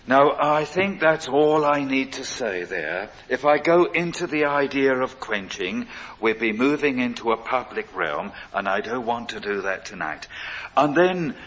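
An older man preaching a sermon, earnest and storytelling, swelling loud for emphasis and dropping low again. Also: animated, unhurried. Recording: dull lo-fi recording.

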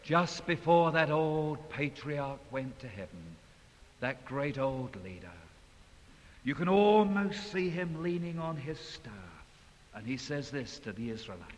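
A man preaching a sermon in a large hall, dramatic, swinging from loud passages to hushed ones. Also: on the high side, lively intonation, measured pace. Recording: long hall reverb, faint hiss.

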